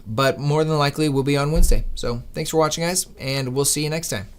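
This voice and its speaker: Man, earnest livestream host, motivational, slightly high voice. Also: quick pace. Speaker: day-trading livestream host. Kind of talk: casual livestream talk.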